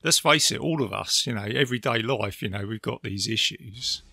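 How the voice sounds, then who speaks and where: A man's voice: on the low side, moderate pace, vocal fry, breathy edge, no echo. A man co-hosting a film podcast, chatting casually and rambling through his points with lots of fillers. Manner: rambling, animated, acts out movie quotes. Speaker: podcast co-host. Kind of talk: casual film review chat.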